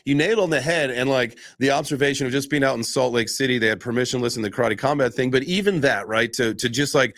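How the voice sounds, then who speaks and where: A male podcast host talking in a loose, rambling way, drifting into tangents and then apologizing for them. His voice sits at an ordinary middle pitch. The sound is dry and close, with no room echo. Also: quick pace, hardly any pauses, fairly bright tone. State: out of breath. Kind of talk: casual podcast chat.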